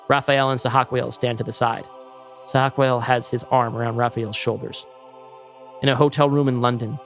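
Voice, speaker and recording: Male podcast co-host, mid-pitched, measured screenplay reading, faint music underneath. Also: gravelly.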